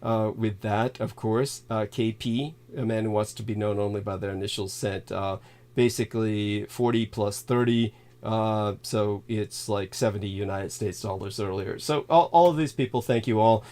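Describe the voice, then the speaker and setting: A man hosting a livestream, rambling through thanks with many halting fillers, laughing suddenly and swearing now and then. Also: fairly low pitch, fairly even intonation, a little mellow. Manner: halting, filler-heavy, reads donor thanks aloud. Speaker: livestream host.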